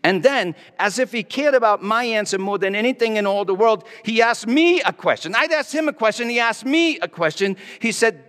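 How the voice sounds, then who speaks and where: Theatrical pastor in a reverberant hall. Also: male voice, high-pitched, animated, a bit bright. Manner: speaks in character as a Roman governor, theatrical and halting. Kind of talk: dramatic first-person sermon monologue. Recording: long reverb of a large hall.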